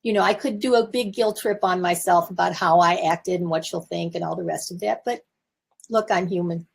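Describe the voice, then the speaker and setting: Husky woman in her seventies, coaching. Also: fairly low pitch, normal speed. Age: 70s. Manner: warm self-reflective coaching, candid asides. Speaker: therapist and communication teacher. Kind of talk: casual talk to camera. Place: her office.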